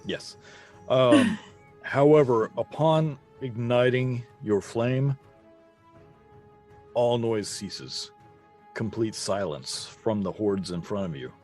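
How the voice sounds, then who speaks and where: A man narrating as game master with deliberate, descriptive delivery. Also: medium pitch, expressive, a little mellow, faint music behind.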